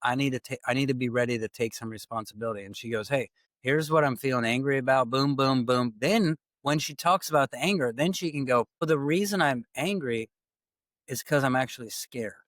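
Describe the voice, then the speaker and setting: This podcast host talks in a casual, conversational way, spinning animated stories and performing the dialogue he quotes. His voice sits in the mid-range and moves briskly, with no room sound around it.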